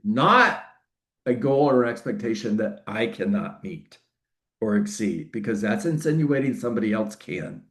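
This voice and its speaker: Male real estate coach, lower voice, lively and interactive, teaching a live online group. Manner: energetic, interactive, repeats key phrases for emphasis. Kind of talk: live online training session.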